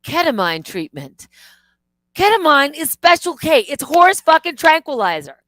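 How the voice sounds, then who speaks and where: A woman's voice: high-pitched, moderate pace, dry recording. Dry-sounding ranting woman streamer. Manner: animated, indignant, swears freely. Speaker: live stream host. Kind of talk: casual live stream rant.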